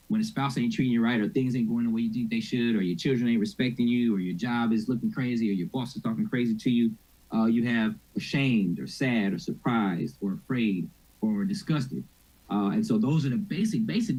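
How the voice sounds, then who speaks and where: A man's voice: mid-range voice, brisk, a little mellow, slightly rough, rough recording. A middle-aged man leading a church mental health workshop in a conversational, informal way, often checking in with his audience. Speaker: mental health ministry speaker.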